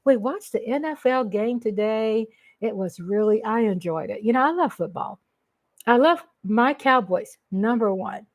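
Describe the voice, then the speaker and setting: A middle-aged woman from Texas with a Texan accent, hosting a casual livestream and gushing shout-outs to her viewers. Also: on the high side, lively intonation, unhurried. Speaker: livestream host.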